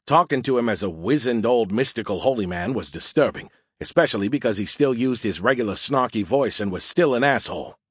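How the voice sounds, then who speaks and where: A man's voice: medium pitch, animated, fairly quick, hardly any pauses, slightly rough, no room sound. A man narrating a story in the first person with a wry, dry delivery. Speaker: audiobook narrator.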